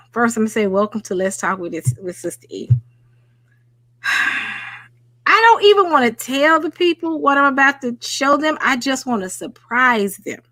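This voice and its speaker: A woman with a Southern US accent hosting a casual livestream, excitable and chatty though tired after a workday. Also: on the high side, no echo. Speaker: livestream host. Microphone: home microphone.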